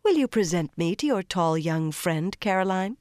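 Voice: medium pitch, lively intonation, normal speed, a little mellow, dry recording, natural voice. A reader voicing a dry, commanding ageless woman. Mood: dry scorn. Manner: dry, pleasant but cutting.

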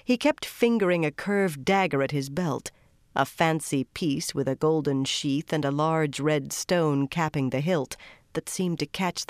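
A narrator reads fantasy prose in an even, steady storytelling voice. The pitch sits in the middle range. The close mic gives a dry sound with no room echo. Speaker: audiobook narrator.

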